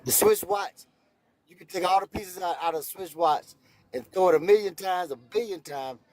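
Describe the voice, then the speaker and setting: A friendly man in his fifties calls into a live debate, stammering and repeating words during the casual call. His voice sits high and has a darkish tone, moving at a moderate pace.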